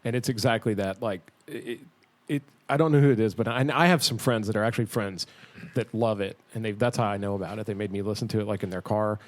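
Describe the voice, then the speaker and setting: A man in casual podcast chat, telling stories with lots of swearing and laughter. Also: on the low side. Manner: rapid, profane, laughing storyteller.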